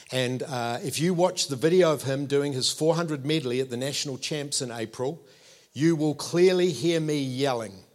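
Animated New Zealand man preaching. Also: a little high. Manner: conversational and animated, checking in with the audience. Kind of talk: sermon.

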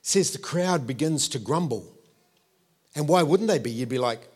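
A man, preaching a sermon with animated storytelling and playful asides to the congregation. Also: fairly high pitch, moderate pace, slightly rough. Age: 50s.

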